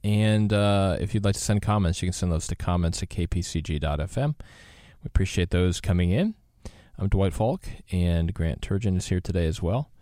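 A man's voice: sits low, moderate pace, no room sound. A man hosting a live radio talk show in a studio, chatting casually with many fillers. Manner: relaxed, rambling, many fillers.

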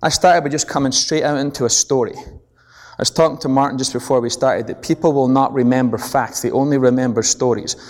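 A man's voice: mid-range voice, fairly quick. A middle-aged man with a Scottish accent giving a business seminar, telling stories with energy and checking in with the audience. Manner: animated storytelling, checks in with the audience. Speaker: seminar speaker. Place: large presentation hall. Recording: long echo of a large hall.

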